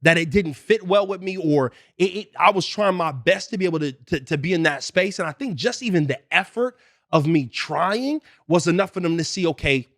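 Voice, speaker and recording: Young man, podcast co-host, high voice, dry sound, lively storytelling. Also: brisk, no room sound. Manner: animated, laughing storyteller with slang. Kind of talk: casual storytelling chat.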